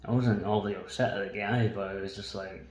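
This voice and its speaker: A man's voice: deep voice, steady tone, a little fast, reverberant, rough recording. A man telling a long personal story in a waffling, casual monologue, swearing often and laughing between lines. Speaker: vlogger.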